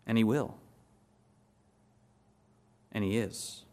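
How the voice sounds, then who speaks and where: A man preaching a sermon and teaching from a text. He asks the listeners questions, then answers them, and slows down and softens on key words. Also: lowish voice. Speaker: pastor.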